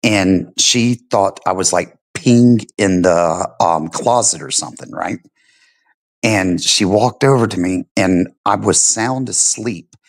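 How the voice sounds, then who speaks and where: Deep and slow, this middle-aged veteran chats casually on a stream, telling laid-back stories peppered with swearing and plenty of "you know" and "right." There's no room sound, though the recording quality is low.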